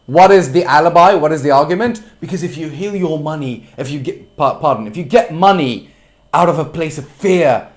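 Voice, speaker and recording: An earnest young man talks straight to his viewers in a preachy self-help monologue. His voice sits a little high, and he leans on each word slowly and emphatically. Now and then he rises into loud, heated yelling. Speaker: self-development vlogger. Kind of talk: passionate personal monologue.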